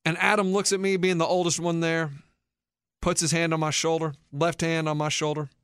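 A man in his thirties with a notably high voice spins a childhood story with lots of energy, jumping into the voices of the people in it. The sound is close and dry, with no room around it. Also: a little fast, clear, resonant tone, dry recording. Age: 30s. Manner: animated, acts out quoted voices. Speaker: podcast host. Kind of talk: casual storytelling chat.

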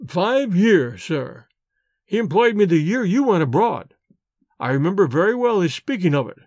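A man's voice: high-pitched, big pitch swings, moderate pace, a little mellow, dry recording, studio quality, exaggerated voice. A man voicing a deferential manservant in an audiobook, courteous and formal, addressing his master as sir. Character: deferential older male manservant, polite and formal. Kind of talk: audiobook character voice.

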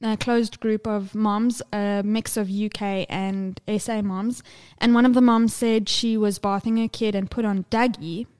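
A woman's voice: medium pitch, fairly even intonation, measured pace, hardly any pauses, darkish tone, smooth. A young woman co-hosting a casual podcast chat, talkative and blunt, swearing freely and laughing often. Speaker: podcast co-host.

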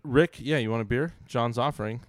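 Teasing, animated man. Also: mid-range voice, fairly quick, dry recording, studio quality. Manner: teasing storyteller, acts out quotes. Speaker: podcast co-host. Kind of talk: casual banter.

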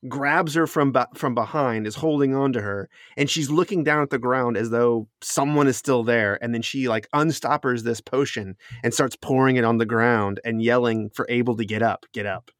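A man's voice: mid-range voice, moderate pace, few pauses, a bit bright, dry recording, clean studio sound. Easygoing man narrating as game master. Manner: descriptive, easygoing, laughs often.

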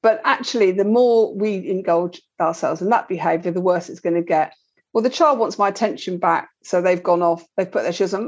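A woman's voice: lowish voice, a little fast. Woman, parenting guest, earnest, self-correcting, muffled lo-fi audio. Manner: earnest, repeats words while explaining. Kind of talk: explaining in a conversation. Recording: dull lo-fi sound.

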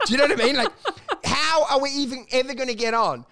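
A man's voice: very high-pitched, expressive, fast talker, vocal fry, a crowd in the background. A man, co-hosting a casual comedic chat, riffing crudely and ranting in mock voices.

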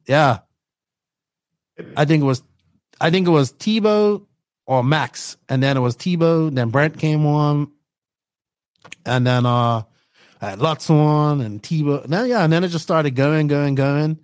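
A man's voice: on the high side, dry recording, studio quality. A man from Bermuda, casually rambling through his own story in an interview and often tagging his sentences with "right?". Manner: rambling, tags lines with "right?". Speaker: podcast host telling his story.

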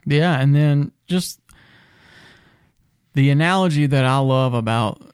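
A man with a smooth, resonant voice speaks earnestly and reflectively about recovery and stumbles over restarts now and then. He sounds close and dry, with no room echo. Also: on the high side, slow pace. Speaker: podcast co-host in recovery. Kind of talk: casual conversation.

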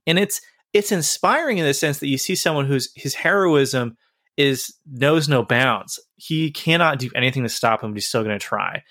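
A man's voice: mid-range voice, normal speed, bright, forceful tone, no room sound, studio quality. A man in casual podcast chat, earnestly and animatedly retelling a story.

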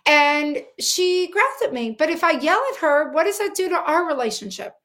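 A woman's voice: high voice, lively intonation, moderate pace, fairly bright tone. A middle-aged woman dog trainer explaining things earnestly in an interview, with many fillers. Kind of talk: interview answers.

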